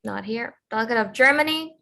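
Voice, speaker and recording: A woman's voice: on the high side, a little fast, vocal fry, bright, forceful tone. A woman chairing an online committee, calling the roll over a video call in a hesitant way with many fillers.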